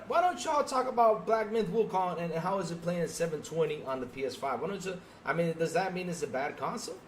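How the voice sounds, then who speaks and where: Man, podcast co-host, heated rhetorical rant, higher voice, faint background noise. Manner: heated, exasperated, rhetorical ranting. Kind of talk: ranting livestream podcast talk.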